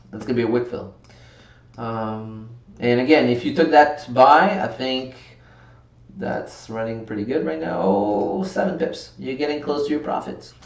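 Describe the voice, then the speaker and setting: A man hosting a live trading stream in casual commentary, reading viewer chat aloud and reacting, sometimes getting worked up. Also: medium pitch. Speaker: livestream trading host. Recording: roomy sound from a distant mic.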